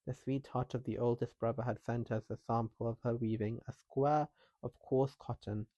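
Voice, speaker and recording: Calm male storyteller, muffled sound. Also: medium pitch, normal speed, no room sound. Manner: soft and calming. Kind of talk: calm scripted narration.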